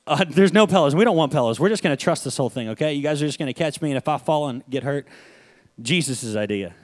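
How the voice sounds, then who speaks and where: A young man preaching a lively, conversational sermon to a church, often repeating his phrases. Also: fairly high pitch, racing.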